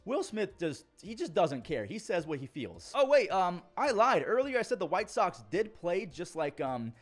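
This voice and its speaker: Young man, baseball recap host, excitable, casual, jokey, slightly high voice, close mic. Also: normal speed. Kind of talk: fast-paced highlight commentary.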